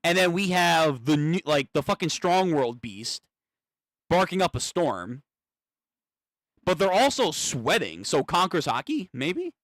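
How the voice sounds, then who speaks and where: A man streaming a live manga reaction, thinking aloud, swearing and getting excited as he reads. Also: fairly high pitch, a little slow, dry recording, studio quality.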